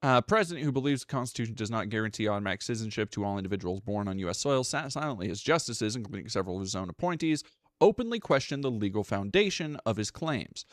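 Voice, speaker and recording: A man's voice: lowish voice, expressive, quick pace, dry recording, clean studio sound. A man streaming live, reading news articles aloud and breaking off into profane, sarcastic asides while thanking chat.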